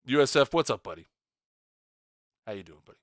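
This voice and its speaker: A man's voice: medium pitch, animated, brisk, no echo, studio quality. A man hosting a game livestream, chatting casually and joking playfully with his viewers. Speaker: stream host.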